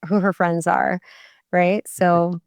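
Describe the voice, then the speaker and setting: A woman co-hosts a podcast, talking in a lively, emphatic way and laughing easily. Her voice is smooth and resonant and sits a little low. The sound is dry and close to the mic. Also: slow pace, no room sound. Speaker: podcast co-host. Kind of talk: casual chat.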